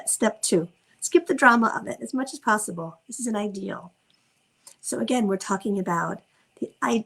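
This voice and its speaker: A woman parenting coach giving an informal teaching talk, gentle and reflective, slowing down to stress key words. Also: mid-range voice, vocal fry, husky, poor audio. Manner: gentle, reflective, slows down for emphasis.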